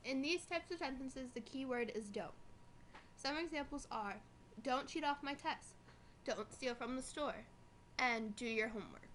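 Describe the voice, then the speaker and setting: Higher-voiced young woman reading class notes. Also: fairly bright tone, slight background noise. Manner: reads from notes, slowing on examples. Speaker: student presenter. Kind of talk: scripted school presentation.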